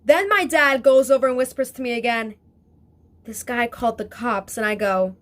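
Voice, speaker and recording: Woman, young, high-pitched, casual storytime, chatty, excitable, swears a lot. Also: moderate pace. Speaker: vlogger.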